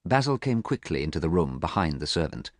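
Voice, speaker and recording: A man reading a story aloud for English learners in a clear, measured, expressive way, recorded close and dry. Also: low-pitched, dry recording. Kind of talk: scripted narration.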